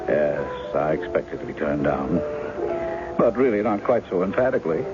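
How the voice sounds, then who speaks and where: A man's voice: rumbling low, very animated, moderate pace. An actor in his forties playing a charming, self-mocking novelist posing as someone else in an old radio drama, teasing and wry, with a dull lo-fi broadcast sound and music behind. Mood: wistful. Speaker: impostor posing as a woman's husband. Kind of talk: 1970s radio drama acting.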